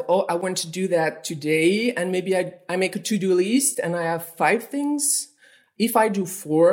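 A woman therapist with a French accent, speaking as a podcast guest in a measured way with thoughtful hesitations. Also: fairly low pitch, darkish tone.

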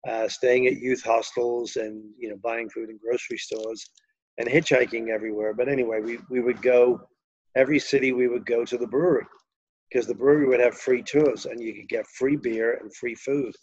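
A man's voice: mid-range voice, steady tone, normal speed, darkish tone, slightly rough, dull audio. An older man from England with a Liverpool accent, telling long, rambling anecdotes with many fillers as an interview guest. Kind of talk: storytelling interview.

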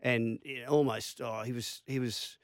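In a clean, dry studio recording, an Australian man in his fifties speaks at normal speed with a mid-range voice. The former rugby league player is an interview guest, an animated storyteller who acts out quotes and laughs at his anecdotes.

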